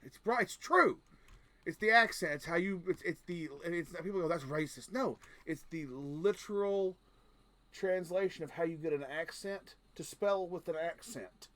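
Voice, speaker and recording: Bright-voiced rambling male streamer. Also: sits high, normal speed. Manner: rambling, joking, crude. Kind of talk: casual gaming chat.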